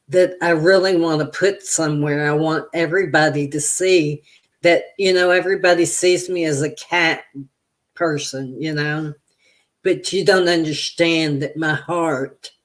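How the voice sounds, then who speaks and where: Casting: woman tarot reader on a livestream, slow and unhurried, chatty, answers viewer comments and wanders into stories. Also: low-pitched. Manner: slow, meandering storytelling. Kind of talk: casual livestream chat.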